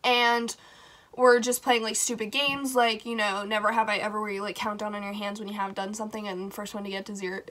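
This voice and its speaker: A woman telling a casual storytime vlog, chatty and animated, swearing freely. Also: medium pitch, brisk. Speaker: vlogger.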